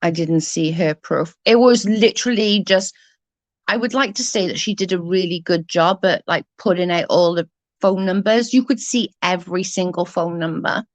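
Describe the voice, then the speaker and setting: A woman's voice: fairly low pitch, moderate pace, no echo. A woman in her forties with a Newport Welsh accent, ranting casually in a blunt, sweary and sarcastic way. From Wales. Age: 40s. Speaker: vlogger.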